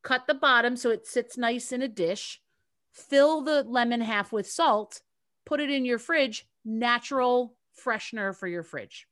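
A woman co-hosting a casual podcast chat, telling a story in a lively, swearing, joking way. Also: a little high, measured pace. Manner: lively, profane, storytelling with asides. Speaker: podcast co-host.

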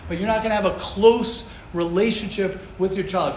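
A man's voice: high-pitched, normal speed, hardly any pauses. A man teaching a yeshiva class in an informal way, telling personal stories and building to emphatic, repeated points. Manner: animated, builds to emphatic repetition. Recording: roomy echo, faint background noise.

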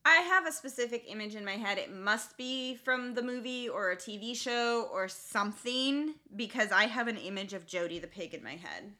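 A woman in her thirties co-hosting a podcast, telling a story in casual, expressive chat. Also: a little high, normal speed, hardly any pauses. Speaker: podcast co-host.

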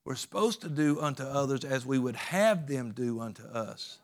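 A man's voice: mid-range voice, expressive, moderate pace. A man preaching a sermon in a folksy, emphatic way, with plain rural grammar.

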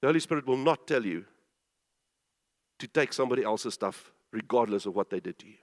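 A man's voice: mid-range voice, expressive, fairly quick. A man preaching a sermon, emphatic and full of rhetorical questions, urging his listeners to pay attention. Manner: urges listeners to pay attention, repeating himself. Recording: long reverb of a large hall.

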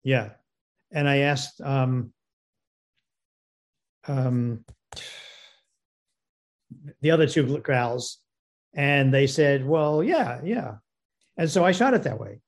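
A man, a film producer and director, telling a story as a guest and acting out both sides of phone calls in an animated way. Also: medium pitch, slow pace, long pauses. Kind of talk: storytelling anecdote.

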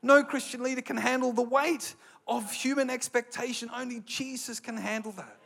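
An Australian man preaching a sermon with passion, building to loud, emphatic bursts. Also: very high-pitched, fairly even intonation, normal speed, creaky, husky.

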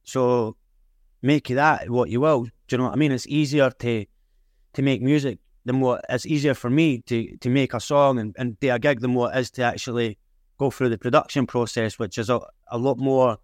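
A man with a broad Edinburgh Scots accent speaks plainly and frankly as an interview guest, in a loose, casual way. His voice is mid-pitched and recorded close and dry. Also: steady tone, moderate pace, no echo. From Edinburgh, Scotland. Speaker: guest filmmaker and rapper.

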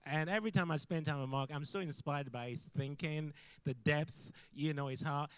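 A middle-aged man preaching as a guest in a church, intense and animated, breaking into shouts as he tells stories. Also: fairly high pitch, fairly quick, clean tone, no echo. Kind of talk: sermon. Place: church hall.

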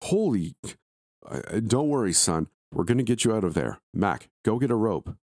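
A man's voice: on the low side, sing-song, no echo, clean studio sound, pitched above the performer's own voice. A man playing an urgent rescue worker. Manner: urgent, loud and hurried. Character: helmeted male rescue worker, urgent and reassuring.

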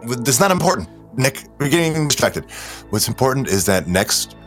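A man's voice: mid-range voice, sing-song, moderate pace, fairly bright tone, faint music behind. A man telling an improvised comic story, rambling and playfully conspiratorial, often stopping and restarting mid-sentence.

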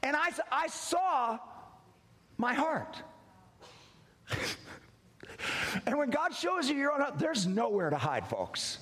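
Man preaching a story, high voice jumping all over, big echoey hall. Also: takes it slowly, pauses often. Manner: animated, wide swings in pitch and loudness, acts out dialogue. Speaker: pastor. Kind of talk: storytelling sermon.

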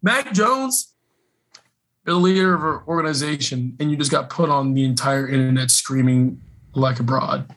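A man co-hosting a casual sports podcast, a former college football player who talks in an animated, emphatic, slangy way. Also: mid-range voice, moderate pace, poor audio.

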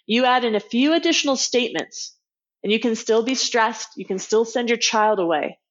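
A woman's voice: on the high side, moderate pace, highs cut off. A woman guest on a podcast interview, explaining her ideas in an earnest, teaching way. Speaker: guest expert.

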